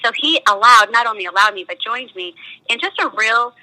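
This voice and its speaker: A woman's voice: on the high side, animated, a little fast, bright, forceful tone, low-quality recording. A middle-aged woman telling her life story as an interview guest, earnest and emphatic, often repeating words as she talks. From United States. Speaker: nonprofit founder, interview guest. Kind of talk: conversational testimony.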